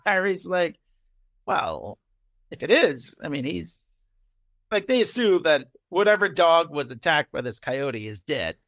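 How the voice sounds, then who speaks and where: A man's voice: on the high side, slow pace. A man co-hosting a podcast, chatting casually and acting out scenes from a TV episode in shifting voices. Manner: animated, acts out lines in loud shifting voices. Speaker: podcast co-host. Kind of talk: casual chat recapping a TV episode.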